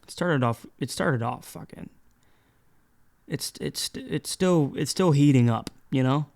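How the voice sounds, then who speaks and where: A man with a slightly high voice hosts a solo podcast from a studio set. He talks in a rambling, playful way, swearing freely and tripping over restarts as he lectures his listeners. His delivery is loose and conversational. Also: unhurried, vocal fry, darkish tone. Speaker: podcast host. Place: indoor studio set with black background.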